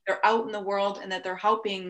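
A woman hosting an interview, asking questions in a slow, measured, encouraging way. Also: medium pitch, level tone, a bit bright. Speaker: interviewer, host.

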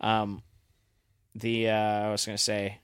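A man's voice: on the low side, monotone, unhurried, clear, resonant tone, no room sound, studio quality. A man co-hosting a podcast in casual chat, offhand and swearing freely. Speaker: podcast co-host.

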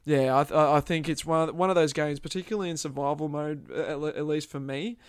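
A man's voice: on the high side, steady tone, quick pace, clean tone, no room sound, studio quality. A young man chatting casually about video games, often stammering and restarting his sentences. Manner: stammering, many restarts and repeated words. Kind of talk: casual gaming chat.

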